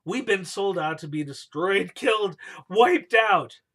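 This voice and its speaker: A man's voice: high-pitched, expressive, measured pace, sharp tone, voice pushed up, full character voice. A man doing a young queen, talking casual slang. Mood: pleading. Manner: casual modern slang in an ancient role. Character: young queen pleading for her people.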